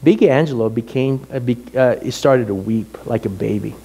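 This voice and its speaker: A middle-aged man, a pastor, telling a personal story in a sermon with animated, emotional delivery. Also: mid-range voice, moderate pace, gravelly, breathy edge.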